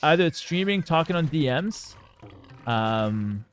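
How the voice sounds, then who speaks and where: A man's voice: a little high, lively intonation, a little slow, slight background noise. A young man, streaming and commenting on a game with cocky, joking banter toward his chat. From Canada. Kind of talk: casual live-stream gameplay commentary.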